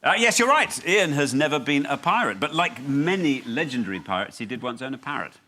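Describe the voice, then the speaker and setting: A man's voice: mid-range voice, lively intonation, fairly quick, bright, forceful tone, slight background noise. A British man hosting a panel quiz show, reading scripted jokes in a dry manner.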